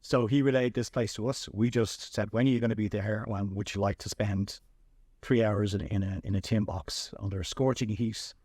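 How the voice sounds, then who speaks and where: An Irish man hosting a podcast, telling animated anecdotes in a casual chat with frequent restarts. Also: lowish voice, normal speed, no echo, clean studio sound. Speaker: podcast host and filmmaker.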